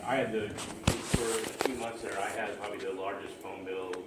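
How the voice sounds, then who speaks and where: Man, casual storyteller, laughs a lot, mid-pitched, set back from the mic in an echoey space with steady background noise. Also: moderate pace. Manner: rambling, laughs often at his own story. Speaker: storyteller recounting his own romance. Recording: roomy, distant mic, ambient noise.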